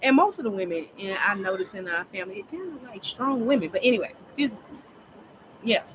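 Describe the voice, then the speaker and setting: A woman casually telling a long story to her viewers, rambling and animated, often laughing as she talks. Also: medium pitch, a little fast, noisy background. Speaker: storyteller vlogger.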